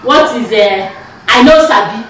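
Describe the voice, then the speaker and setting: Nigerian mom vlogging at home, high voice, playful quizzing, loud room echo. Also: female voice, expressive, moderate pace, slight background noise. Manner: chatty and playful, quizzing with frequent laughter. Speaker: family vlog host. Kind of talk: casual family vlog chat. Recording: very echoey room, voice far from mic.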